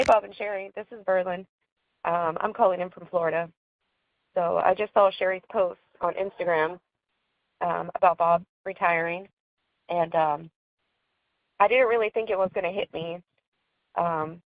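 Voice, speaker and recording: A woman's voice: medium pitch, creaky, no echo. Tearful woman on a phone line. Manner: emotional, tearful, rambling. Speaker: caller. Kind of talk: voicemail tribute. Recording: tinny dry phone line.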